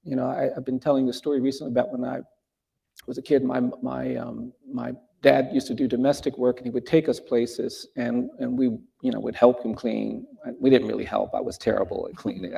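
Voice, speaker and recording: A man's voice: medium pitch, vocal fry, darkish tone, breathy edge. A middle-aged man telling a personal story in an earnest, reflective way, often restarting his sentences and rising for emphasis.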